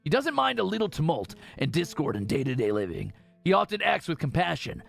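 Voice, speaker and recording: A man streaming a game in casual commentary, reading game text aloud with excited asides. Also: on the high side, fairly quick, vocal fry, soft background music.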